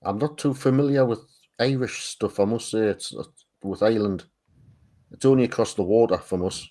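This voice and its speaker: This art stream co-host speaks at a normal speed in a lowish voice with a dark tone. A Northern Englishman with a Tyne and Wear accent, he chats casually on a group livestream and frequently repeats words while searching for them.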